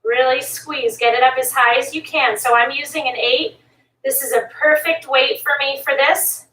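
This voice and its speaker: A woman leads a workout while doing it herself, pushing listeners to keep going. Her voice is high and bright. She sounds set back from the mic in an echoey room. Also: fairly even intonation, moderate pace, far from the mic. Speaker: fitness instructor. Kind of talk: workout coaching while exercising.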